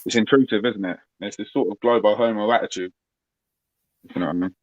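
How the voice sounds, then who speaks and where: Low-voiced man in dry, close sound. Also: quick pace, no room sound, rough recording. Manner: laughs easily, polite, apologetic. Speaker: co-interviewer. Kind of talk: casual podcast chat.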